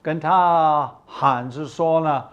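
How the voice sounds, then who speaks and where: Brief: older man, slow patient English teacher, slightly high voice, dull lo-fi recording. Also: clear, resonant tone. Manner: slow, patient, explains words, checks with "okay?". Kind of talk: bilingual English lesson.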